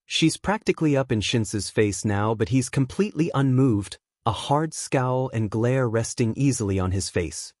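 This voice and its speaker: A man reads fanfiction aloud in a steady, plain way. His voice sits at a middle pitch. The recording is close and dry. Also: normal speed, dry recording. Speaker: fanfiction reader. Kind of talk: fanfiction audiobook narration.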